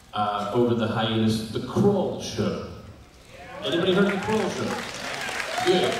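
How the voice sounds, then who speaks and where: A man at a convention panel telling comic stories in an animated, jokey way. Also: medium pitch. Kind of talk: convention Q&A storytelling. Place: large convention hall. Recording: echoey hall from far off, crowd noise.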